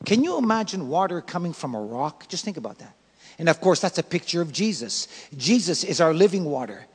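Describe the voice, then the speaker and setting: A male pastor delivering an emphatic sermon, swinging between loud bursts and soft asides. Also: fairly high pitch, sing-song, brisk, husky, long reverb tail. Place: church sanctuary.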